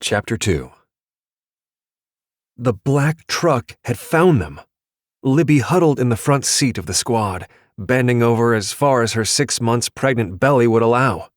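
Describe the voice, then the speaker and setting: A man narrates an audiobook at a mid-range pitch, keeping his storytelling measured and even. The studio-quality recording has no room sound.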